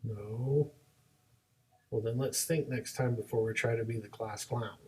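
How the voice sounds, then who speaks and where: Young male martial arts instructor, lively storyteller who plays out dialogues; medium pitch, slightly distant mic. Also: brisk. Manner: animated storyteller, acts out both sides of dialogues. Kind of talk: casual chat.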